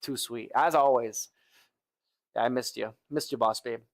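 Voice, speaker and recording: A man's voice: medium pitch, steady tone, moderate pace. A young man live-streaming from the gym, chatting casually with his viewers between lifts, saying "bro" and "like" a lot. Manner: laid-back, talks to chat with lots of "bro" and "like". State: tired arms after lifting, sighing between sets.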